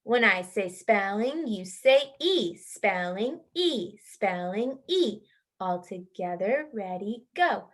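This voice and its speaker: A young woman teaching young children a phonics lesson over a video call, in a slow, clear, sing-song call-and-response. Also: medium pitch, animated. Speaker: kindergarten teacher.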